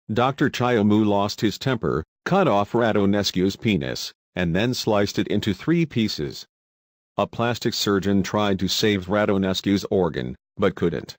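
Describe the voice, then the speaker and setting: A man's voice: lowish voice, no room sound. A man reading a scripted countdown voice-over with a dry, wry delivery. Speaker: list narrator.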